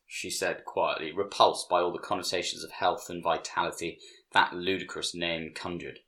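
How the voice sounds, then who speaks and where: A man narrating a story in a measured way, dropping to a hush for the quoted lines. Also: low-pitched.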